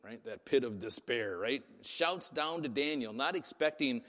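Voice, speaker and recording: Male pastor, mid-pitched, chatty sermon delivery, recorded in a reverberant hall. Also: animated, unhurried, fairly bright tone. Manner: conversational, asks "right?" often.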